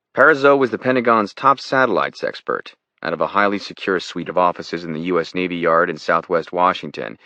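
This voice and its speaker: Male audiobook narrator, very low voice, steady and measured; dry, dull recording. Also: dry recording. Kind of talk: scripted thriller narration.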